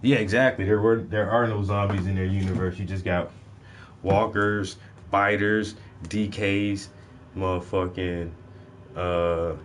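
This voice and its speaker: A man's voice: low voice, flat delivery, a little slow, a little hiss or hum. Laid-back cussing man in a drawl. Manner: profane, laid-back slang, laughs often. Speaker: painting vlogger. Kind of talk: casual livestream chat while painting. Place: home room with fluorescent lights.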